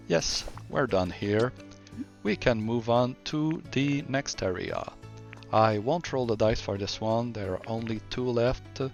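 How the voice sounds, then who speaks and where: Male streamer, French-Canadian accent, low-ish and slow; casual rambling commentary with faint music underneath. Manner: relaxed, rambling, self-correcting. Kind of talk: casual game walkthrough commentary.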